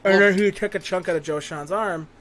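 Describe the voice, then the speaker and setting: A man's voice: sits high, fairly quick, fairly bright tone, a little hiss or hum. A man hosting a casual podcast, telling a crude, rambling, profanity-heavy story. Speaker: podcast host.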